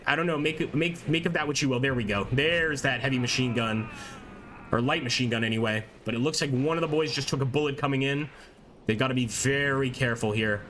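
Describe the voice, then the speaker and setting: A man giving chatty, excited live commentary on a strategy war game, reading chat aloud and laughing often. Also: mid-range voice, a little hiss or hum. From American. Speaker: gameplay streamer.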